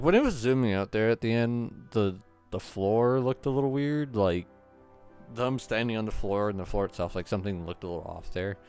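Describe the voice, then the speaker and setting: A man's voice: on the low side, darkish tone, clean tone, no echo. A man hosting a gaming channel, giving casual, rambling play-through commentary with lots of hesitant fillers.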